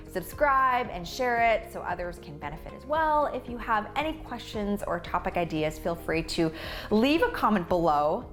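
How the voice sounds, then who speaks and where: Emphatic female speaking coach, lowish voice. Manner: clear, emphatic delivery with rhetorical "right?". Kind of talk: scripted video lesson to camera.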